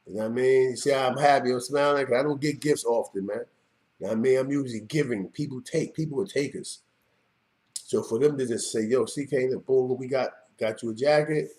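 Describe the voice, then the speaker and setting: A man's voice: mid-range voice, fast talker, darkish tone. A middle-aged man, hosting his own show and talking off the cuff in a streetwise, emphatic way, often asking "you know what I mean". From New York. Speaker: show host. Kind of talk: unscripted monologue to camera.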